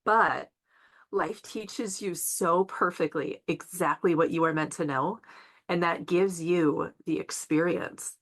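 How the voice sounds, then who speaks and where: A woman's voice: fairly low pitch, slow, a bit bright. A woman co-hosting a podcast, speaking emphatically and casually about her experience as a parent. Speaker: podcast co-host. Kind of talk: casual conversational podcast chat.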